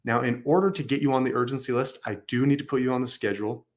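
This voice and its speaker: A man's voice: medium pitch, steady tone, fast talker. Upbeat male call-center coach. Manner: upbeat, acts out sample phrases. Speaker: customer service coach. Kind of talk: coaching commentary on recorded calls.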